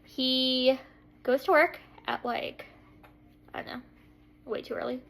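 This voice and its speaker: Speaking slowly in a high, creaky voice, a woman in her thirties who's a makeup vlogger tells a rambling story from her kitchen table at home. She leans heavily on "like" and "um" and acts out the quotes with animation. The recording is low quality.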